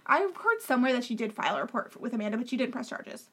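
Opinionated woman with a high voice. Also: big pitch swings, rapid-fire, fairly bright tone, slightly rough. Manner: opinionated, emphatic, talks over the other host. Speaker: podcast co-host. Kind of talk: casual reality-TV recap chat.

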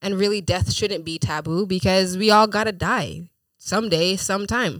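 Rambling podcast host, dry close sound. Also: male voice, high voice, normal speed, no room sound, rough recording. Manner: relaxed, rambling, frequent fillers. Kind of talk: casual podcast chat. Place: parked car.

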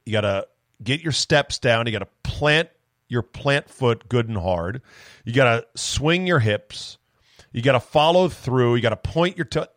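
A man hosting a solo sports podcast, telling loose, profane, animated stories close to the mic. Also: medium pitch, no echo. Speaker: podcast host.

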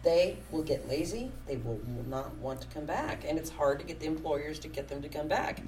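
A middle-aged woman who runs a small business, talking bluntly and getting animated in a casual conversation. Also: sits low, a little fast, distant mic, poor audio. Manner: blunt and opinionated, gets animated.

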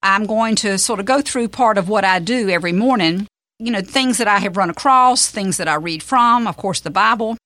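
Woman doing a church radio devotional, bright clear tone, dry studio sound, earnest and gentle. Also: medium pitch, normal speed, dry recording. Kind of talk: devotional radio talk and scripture reading.

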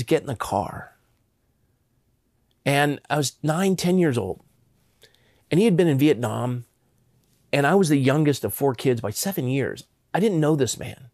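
A man's voice: fairly high pitch, a little mellow, no room sound, studio quality. A man in his fifties from Southern California, telling a personal story as a guest with earnest emphasis and frequent stammered restarts.

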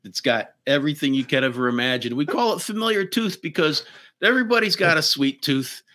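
A man who is a guest comedian on a podcast, pitching an improvised product in a halting, filler-laden storytelling way. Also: sharp tone.

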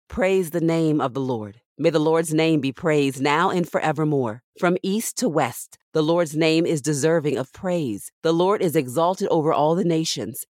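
Woman scripture reader, deep voice, dry close studio sound, measured and reverent. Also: a little mellow, no echo. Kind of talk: scripture reading.

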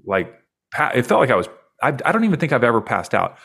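A man in his forties, a podcast guest, earnestly and reflectively recounting a deeply personal experience in conversation. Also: very animated, fast talker, vocal fry, fairly bright tone, breathy edge.

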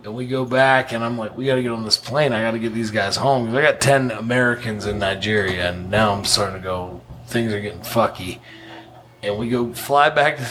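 Profane man telling a wild story. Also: lowish voice. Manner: profane, blunt, laughs through his story. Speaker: podcast guest. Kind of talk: casual storytelling.

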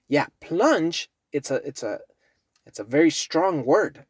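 A man teaching English on his podcast, speaking slowly and patiently as he repeats key words for listeners. His voice sits a bit high and swings widely in pitch. The sound is dry and close. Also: big pitch swings, breathy edge, dry recording. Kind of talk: podcast language lesson.

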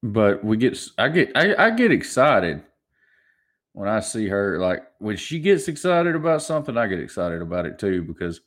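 A man's voice: on the low side, sing-song, moderate pace, a bit bright. A man in his twenties hosting a solo podcast, telling stories in a rambling, chuckling way with many restarts. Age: 20s. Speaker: podcast host. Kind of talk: casual solo podcast storytelling.

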